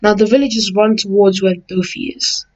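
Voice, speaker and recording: A woman narrating a fan-made story in a relaxed, rambling way, stringing events together and fixing slips as she goes. Her pitch sits in a middle range, and the audio is slightly dull and lo-fi. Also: moderate pace. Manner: rambling, loose retelling with "and" chains and self-corrections. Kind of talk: casual fan-fiction narration.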